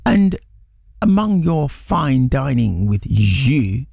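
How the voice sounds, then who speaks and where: A man's voice: medium pitch, sing-song, slow pace, creaky, warm tone, husky, no room sound, studio quality. A man in casual chat, teasing and quizzing his co-host.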